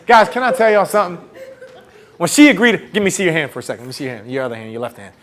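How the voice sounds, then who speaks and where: Motivational speaker, male, slightly high voice, animated storyteller who gets the crowd answering back. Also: very fast. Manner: animated, acts out the voices of people in his story; calls out to the audience and gets them to answer back. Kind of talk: storytelling keynote to students. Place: campus event hall.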